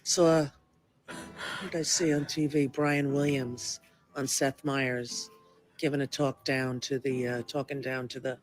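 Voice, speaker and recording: A man rambling in a halting home video monologue, often clearing his throat. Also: mid-range voice, flat delivery, soft background music.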